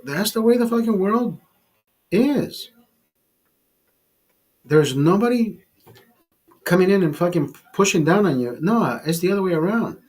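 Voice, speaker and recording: A fifty-year-old man talks straight to the camera in a blunt, profane rant. His voice is husky and a little high for a man. He trips over words and repeats himself as he pushes his point. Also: a little mellow. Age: 50s. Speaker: vlogger. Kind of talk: casual ranting monologue.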